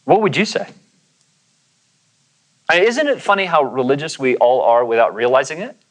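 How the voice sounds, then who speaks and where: A man's voice: fairly high pitch, expressive, moderate pace, poor audio. A man preaching a sermon in a casual storytelling way, acting out the voices of the people in his story. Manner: conversational, acts out quoted voices. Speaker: pastor.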